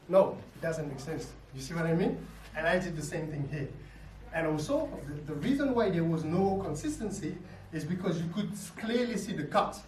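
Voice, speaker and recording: A man teaching a dance lesson, explaining ideas simply and ending his points with quick tag questions. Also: a little high, expressive, a little mellow, slight background noise. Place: dance studio. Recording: echoey room, mic far off. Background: music playing.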